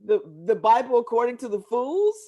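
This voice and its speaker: A lively American woman hosting a casual talk show. Her voice sits a little high and swings widely as she teases and laughs through the chat. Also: normal speed. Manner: laughs often, teasing.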